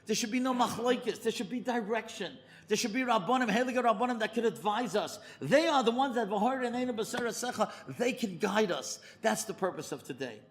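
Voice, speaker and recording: Animated high-voiced rabbi telling a story. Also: male voice, brisk, hardly any pauses. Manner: animated storyteller, pitch leaping high for emphasis. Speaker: rabbi giving a lecture. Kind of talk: storytelling sermon.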